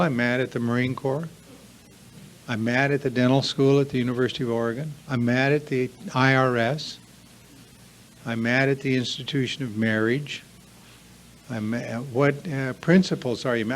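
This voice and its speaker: A faint hiss sits under this man's medium-pitched voice as he gives a confessional recovery workshop talk in a meeting room with a live audience. He's earnest and emphatic, repeating list after list.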